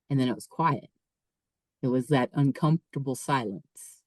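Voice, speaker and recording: A woman, a podcast guest, telling a personal story in a lively way, often repeating and restarting her words. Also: a bass voice, normal speed, no echo, poor audio. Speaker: podcast guest, author and speaker. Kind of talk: casual storytelling.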